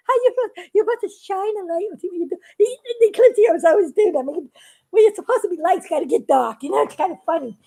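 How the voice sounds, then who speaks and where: A woman animator chatting casually with fans at home, excitable and laughing constantly. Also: very high voice, fast, vocal fry. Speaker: animator showing her work to fans. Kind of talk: casual home vlog chat. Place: her home, indoors.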